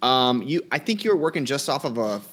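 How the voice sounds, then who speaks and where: A man co-hosts a relaxed photography podcast with a teasing, joking manner. His voice sits at an average pitch for a man. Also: brisk, slightly rough. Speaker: podcast co-host. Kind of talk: casual podcast chat.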